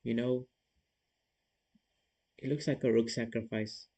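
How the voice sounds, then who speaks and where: A man's voice: medium pitch, fairly even intonation, takes it slowly, dark tone, low-quality recording. A man streaming chess, thinking aloud as he works through puzzle moves and talks casually to his viewers. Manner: self-critical, talks to viewers.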